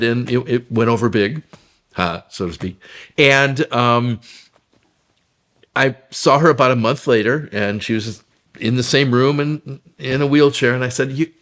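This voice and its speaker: A man from a vaudeville troupe telling stories about his work in an interview, in a halting way with fillers and laughter. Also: medium pitch, a bit bright. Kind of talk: interview storytelling.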